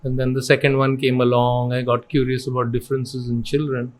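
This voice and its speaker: A middle-aged Indian man who founded an education company speaks as an interview guest in Indian English, his voice medium in pitch and fairly quick. He tells his stories earnestly and with animation, acting out quotes and slipping Hindi phrases in.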